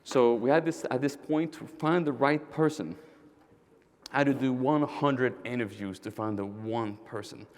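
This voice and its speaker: A man giving an energetic conference keynote, telling stories and speaking directly to his audience. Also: medium pitch, normal speed. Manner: storytelling with quoted dialogue. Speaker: keynote speaker, roofing company owner.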